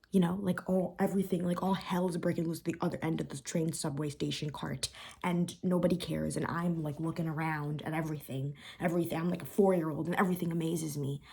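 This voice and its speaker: Upset young woman, husky low voice. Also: dark tone. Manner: candid, rambling, repeats phrases. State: upset and frustrated. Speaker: vlogger. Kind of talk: emotional confessional vlog.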